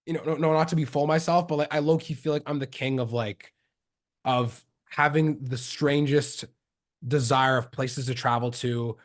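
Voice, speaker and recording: A man's voice: mid-range voice, fairly even intonation, normal speed. A young man from Canada in casual chat, telling stories with slang and acting out the people he quotes. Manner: slangy storytelling, acts out quoted voices. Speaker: podcast guest.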